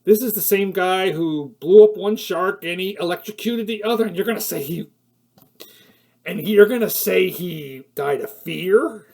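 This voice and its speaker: Man, casual film review, rambling, full of fillers and restarts, mellow tone, slightly high voice. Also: normal speed. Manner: rambling, with many fillers and self-corrections; laughs at his own points, gets heated when annoyed.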